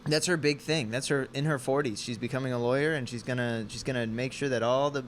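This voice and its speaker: A man in his twenties co-hosting a casual comedy podcast, joking, laughing often, and reading aloud haltingly. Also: mid-range voice, fairly even intonation, a little hiss or hum. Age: 20s. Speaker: podcast co-host.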